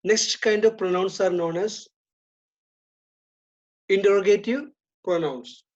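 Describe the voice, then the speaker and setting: A woman teaching an English grammar lesson, speaking deliberately, repeating and stressing key terms. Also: mid-range voice, steady tone, a little mellow. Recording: dull lo-fi recording.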